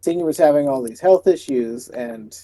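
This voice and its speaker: A man co-hosting a podcast, chatting casually and telling relaxed stories with an easy laugh. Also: a little high, moderate pace. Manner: relaxed storytelling, laughs easily. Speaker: podcast co-host. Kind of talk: casual chat.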